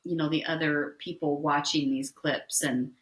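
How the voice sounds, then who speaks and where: Woman podcast cohost, kinda low voice, rambles excitedly, echoey room. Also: moderate pace. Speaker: podcast co-host. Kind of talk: casual chat recapping reality TV.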